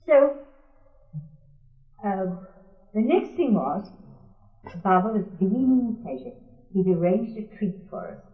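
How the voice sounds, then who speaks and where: A woman's voice: mid-range voice, expressive, slow, pauses often. Older woman telling a wry story on old tape. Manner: wry, laughing storyteller, quoting others. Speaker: oral history narrator. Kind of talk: recounting a personal memory. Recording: tinny, echoey archival tape.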